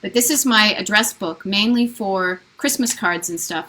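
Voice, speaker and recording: A woman's voice: mid-range voice, normal speed, pushed and bright, a little hiss or hum, low-quality recording. A woman chatting casually from her living room during a live video, rambling with lots of fillers and restarts. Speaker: vlogger hosting a live Q&A. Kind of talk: casual live-stream chat.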